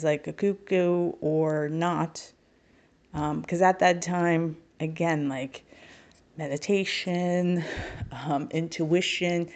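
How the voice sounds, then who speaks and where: A woman's voice: sits low, a little mellow. A middle-aged woman telling a personal story as a podcast guest, candid and wry, with self-mocking humor. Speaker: podcast guest, spiritual healer.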